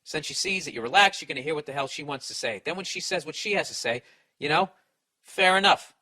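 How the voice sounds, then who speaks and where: Brief: middle-aged male podcast host, blunt and profane, bright forceful voice pitched a bit high. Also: animated, quick pace. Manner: blunt, swearing, self-deprecating. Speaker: podcast host giving advice. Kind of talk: profane comic advice rant.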